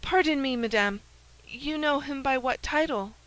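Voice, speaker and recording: A woman's voice: sits high, normal speed, fairly bright tone, voice pushed up, rough recording. Madame Bonacieux, a woman doing a raised-voice young novice. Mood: suspicious. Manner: eager, pleading, emotional.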